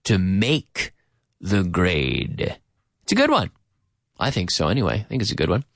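Radio english teacher guy, really bouncy voice, says words over and over slowly, dry studio mic. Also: low-pitched, creaky, dry recording. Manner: animated, drills words by repeating them slowly; drops in Spanish phrases. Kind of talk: live radio lesson. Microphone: studio microphone with headphones.

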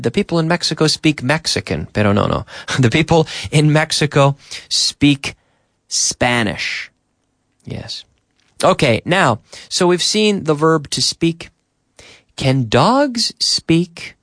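A man teaching an English lesson on the radio, drilling phrases slowly and repeating them, with short glosses added in between. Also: medium pitch, creaky, dry recording, studio quality. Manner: slow, repetitive drilling with Spanish glosses. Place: radio studio.

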